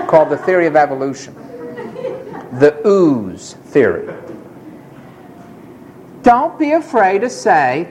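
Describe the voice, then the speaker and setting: A man's voice: on the high side, big pitch swings, a little slow, pauses often, darkish tone, a little hiss or hum, rough recording. A man preaching to young people, telling a personal story emphatically and acting out the quoted voices. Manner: emphatic, dramatic retelling with acted quotes.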